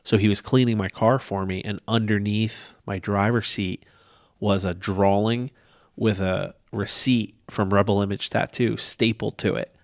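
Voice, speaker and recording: Low-voiced man in a dry, close recording. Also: steady tone, a little slow, no room sound. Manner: easygoing, joking back and forth. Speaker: church podcast co-host. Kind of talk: casual church podcast chat.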